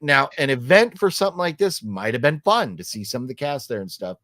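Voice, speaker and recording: A middle-aged man chats casually and with opinions on his vlog, at a middle pitch for a man. He drifts off mid-sentence and acts out the lines he quotes. The sound is close and dry, with no room echo. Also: big pitch swings, a little fast, bright, forceful tone. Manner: rambling, full of ums and restarts; acts out quoted lines while telling a story. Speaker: vlog host reviewing a horror movie trailer.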